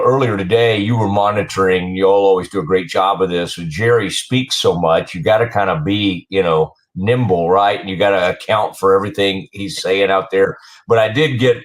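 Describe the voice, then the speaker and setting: A man hosting a casual sports talk show, his voice sitting somewhat low. He rambles as he asks questions, often stopping and restarting his sentences. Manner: rambling, halting, many restarts. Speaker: show host.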